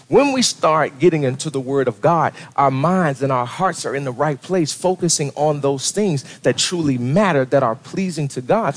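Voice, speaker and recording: A man preaching a sermon as pastor, talking conversationally, often asking "right?" and restarting his sentences. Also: a little high.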